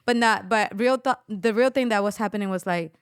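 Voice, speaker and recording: Woman telling an animated personal testimony. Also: medium pitch, fairly quick, clean tone, dry recording, clean studio sound. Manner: animated storytelling, acts out quoted voices. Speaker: podcast guest.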